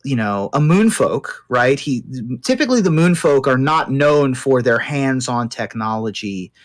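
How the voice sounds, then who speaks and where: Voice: medium pitch, lively intonation, a little slow. Rambling tabletop game master. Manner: rambling, filler-heavy narration.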